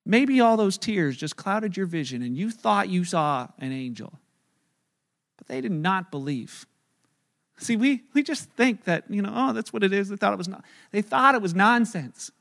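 A man preaching a sermon, retelling a story with lively acted-out quotes and casual asides. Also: high-pitched. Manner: animated storytelling, acting out quoted voices. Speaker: pastor.

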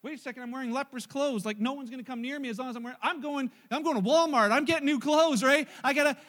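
A man voicing an overjoyed, newly healed man from ancient times, exclaiming excitedly. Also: extremely high pitch, quick pace, in a large hall, pitched above the performer's own voice.

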